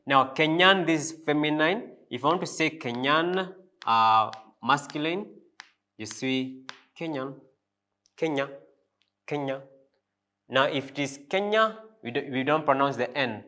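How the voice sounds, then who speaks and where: A man teaching a French lesson, repeating each phrase slowly and spelling out the pronunciation. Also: on the high side, animated, bright, forceful tone. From Africa. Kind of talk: language lesson.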